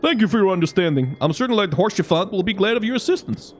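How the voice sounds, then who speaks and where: Earnest male commander, animated pitch, faint music behind, read by a gamer. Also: quick pace.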